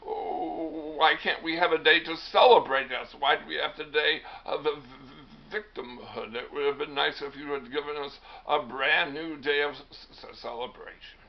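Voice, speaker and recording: A man's voice: a little high, normal speed, vocal fry, hardly any pauses, pitched above the performer's own voice. A man voicing the indignant male spirit of a legendary chief in a spoken comedy skit, firing off exasperated questions. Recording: dull lo-fi recording.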